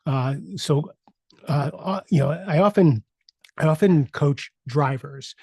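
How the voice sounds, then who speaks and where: A middle-aged man, a podcast host and executive coach, telling a personal story in a casual, halting way with many fillers and restarts. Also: fairly high pitch, creaky, dark tone, slightly rough, no echo.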